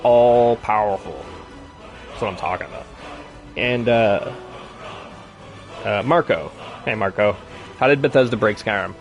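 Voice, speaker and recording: A man's voice: on the low side, a little slow, pauses often, muffled recording, faint music behind. Rambling, swearing male streamer. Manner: rambling, swears freely, ranting. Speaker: live streamer. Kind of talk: casual live-stream chat.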